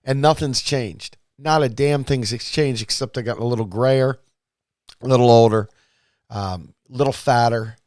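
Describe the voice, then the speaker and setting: A male host talks casually to his live-stream audience, relaxed, blunt and self-deprecating. His voice is of ordinary male pitch. The recording is dry, with no room echo. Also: measured pace.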